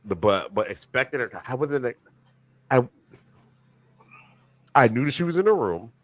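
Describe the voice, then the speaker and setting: A man co-hosting a podcast in casual chat, rambling and animated, with many restarts and slang. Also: medium pitch, a little slow, no room sound. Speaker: podcast co-host.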